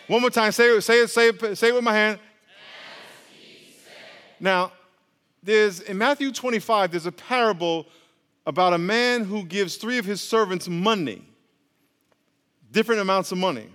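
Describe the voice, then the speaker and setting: A male pastor with a fairly high voice preaches in a loose, joking way. He asks the congregation to call back to him and keeps it conversational. His voice carries the long echo of a large church hall. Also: lively intonation, normal speed, pauses often, fairly bright tone. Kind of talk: sermon.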